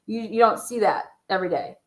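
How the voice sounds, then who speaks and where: A woman's voice: mid-range voice, a little fast. A woman giving casual livestream commentary as a true crime YouTuber. She talks in a blunt, profane, rambling way, full of asides. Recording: roomy echo.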